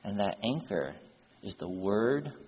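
A man delivers a sermon, moving from a plain story into urgent, rising appeals to his listeners. His voice is husky and sits in a mid pitch. The sound is muffled, with a long echo from the hall. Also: sing-song, slow pace. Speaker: preacher. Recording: dull echoey hall.

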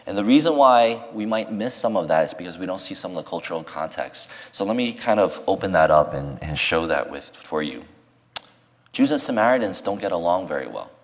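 A man's voice: low voice, long reverb tail. A man preaching a sermon as pastor, earnestly explaining scripture and retelling its dialogue. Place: church sanctuary.

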